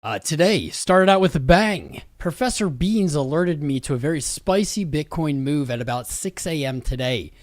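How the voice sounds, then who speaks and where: A man's voice: a little high, lively intonation, normal speed, hardly any pauses, no echo, clean studio sound. A young man hosting a crypto livestream in loose, slangy commentary full of hype, sounding tired after being up for hours. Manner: hype-driven, slangy, rambling. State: tired from a long day.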